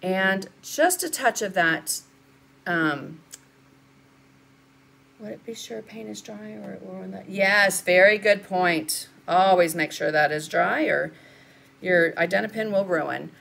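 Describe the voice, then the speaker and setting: A woman's voice: medium pitch, takes it slowly, gravelly, a bit bright. An older woman, chatting through a live painting lesson and answering viewers as she works. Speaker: art instructor.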